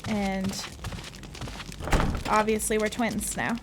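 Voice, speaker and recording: A woman's voice: mid-range voice, fairly even intonation, slow pace, background noise. A woman streaming a horror video game, chatting casually and playfully to her chat and her cat, with self-mocking asides. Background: loud video game music.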